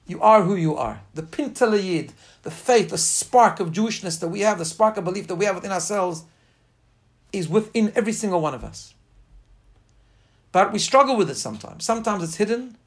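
A man's voice: high voice, lively intonation, brisk. A man giving an informal class on faith, speaking earnestly and emphatically and weaving in personal stories. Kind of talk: informal spoken class lecture with personal anecdotes.

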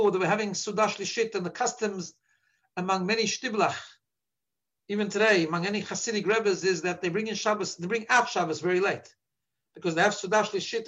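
Earnest high-voiced man giving a sermon. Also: a bit bright, highs cut off. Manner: earnest, repeats words while searching for phrasing; drops into Yiddish when quoting. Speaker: rabbi.

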